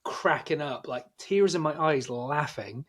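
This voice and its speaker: A man co-hosting a casual movie review podcast, talking in a relaxed, conversational way as he recounts favourite moments. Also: on the high side, a little slow. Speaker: podcast co-host.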